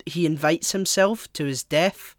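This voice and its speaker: A man's voice: a little high, a little slow, no echo, studio quality. A Scottish man co-hosting a podcast, chatting casually with stumbling restarts and the odd swear. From Scotland. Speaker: podcast co-host. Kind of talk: casual chat.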